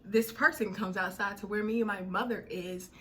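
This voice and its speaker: A young woman telling a personal story in a casual, animated way, full of slang and dramatic retellings. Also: mid-range voice, moderate pace, a little hiss or hum.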